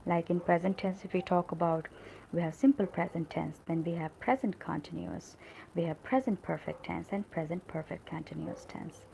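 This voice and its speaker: Gravelly-voiced woman teaching English grammar. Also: fairly low pitch, normal speed, dark tone, a little hiss or hum, rough recording. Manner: explains step by step, often asks "right?"; acts out example sentences with emphasis. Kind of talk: live-streamed grammar lesson.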